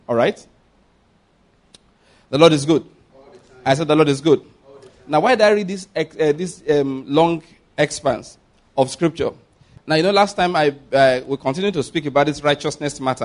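Guy preaching, kinda high voice, drags out the bible verses then rushes the side comments. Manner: slows and stresses scripture, quick asides; calls on the congregation to repeat and notice. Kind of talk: sermon with scripture reading.

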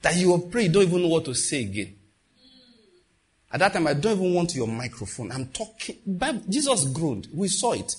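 A man delivers a sermon, calling out to his congregation and acting out quotes as he goes. His voice is a little husky and sits fairly high for a man. His pitch swings widely from line to line. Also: fairly quick. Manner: animated preaching with call-outs and acted quotes. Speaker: preacher.

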